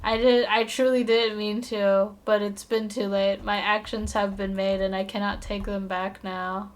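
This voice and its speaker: In a mid-range voice with flat delivery, a woman draws during a live stream and chats casually with viewers. She rambles playfully, mocks herself, and readily apologizes and laughs.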